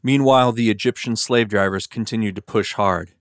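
Low-voiced man reading scripture. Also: fairly quick, dry recording, studio quality. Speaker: scripture reader.

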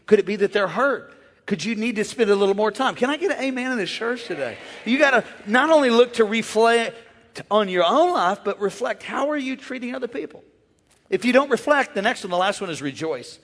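High-voiced guy preaching, joking and getting the crowd to shout back, long hall echo. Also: a little fast. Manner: energetic, playful call-and-response with the crowd. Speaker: pastor. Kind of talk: sermon. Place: large church. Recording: long church hall reverb.

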